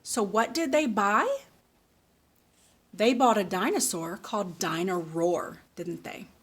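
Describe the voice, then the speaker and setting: A woman reading a picture book aloud slowly and patiently, stopping to ask a child questions. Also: mid-range voice, slight background noise. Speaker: speech therapist.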